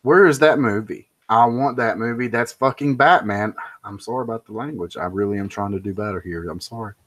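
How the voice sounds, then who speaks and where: A man's voice: lowish voice, steady tone, brisk, fairly bright tone. A man giving an opinionated, rambling monologue, emphatic and prone to ranting. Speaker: pop culture commentator.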